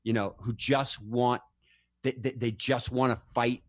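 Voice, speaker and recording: A man in a casual conversation who tells stories with energy and acts out each quoted voice. His pitch sits in a middle range. The recording is dry and close, with almost no room sound. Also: fairly even intonation, measured pace, dry recording. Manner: frequent restarts and fillers.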